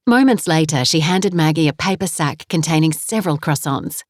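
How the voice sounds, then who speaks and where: Low-voiced woman narrating a novel. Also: fairly quick, hardly any pauses, dry recording, clean studio sound. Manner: calm, even storytelling. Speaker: audiobook narrator. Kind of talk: scripted narration.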